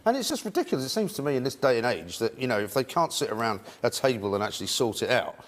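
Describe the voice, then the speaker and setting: Man, rapid talker, opinionated, TV studio newspaper review, mid-pitched voice. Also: big pitch swings. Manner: rapid, opinionated, full of "I mean". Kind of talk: breakfast TV chat.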